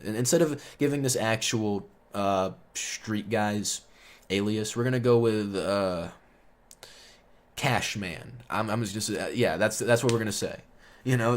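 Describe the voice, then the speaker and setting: Rambling, profane young man telling a story. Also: on the low side. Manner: rambling, profane, heavy on fillers; gets loud and heated when indignant. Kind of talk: casual storytime monologue.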